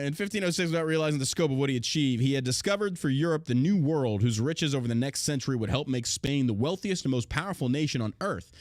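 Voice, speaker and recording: A man's voice: on the high side, no echo, clean studio sound. A man hosting a podcast, swearing often and mocking as he reads out history and rants. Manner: crude, mocking, swears a lot. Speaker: podcast host. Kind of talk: casual podcast rant, reading aloud.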